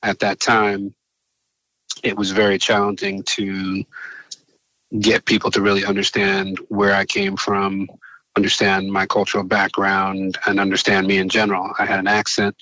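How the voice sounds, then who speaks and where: A Nigerian-born man as a radio guest, stumbling and restarting his sentences. His voice sits low yet sounds bright and forward. The recording is close and dry. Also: completely flat delivery, no echo, low-quality recording. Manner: halting, many restarts, laughs while telling stories. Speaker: filmmaker guest. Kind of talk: radio interview.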